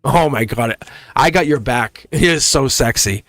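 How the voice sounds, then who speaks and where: A man hosting a live tarot reading, talking in a chatty, excited way, laughing often and acting out voices as he reads the cards. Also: medium pitch, measured pace, no room sound.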